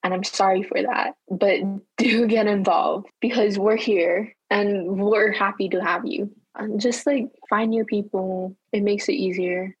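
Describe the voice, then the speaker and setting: A young woman from Hawaii speaks with a light Hawaiian accent, chatty and candid, breaking into easy laughter. Her voice sits at a middling pitch. The recording is dry and close, with no room sound. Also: breathy edge, no room sound, rough recording. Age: young adult. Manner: chatty and candid, laughs easily, quick bursts. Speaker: university student guest. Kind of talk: casual interview conversation.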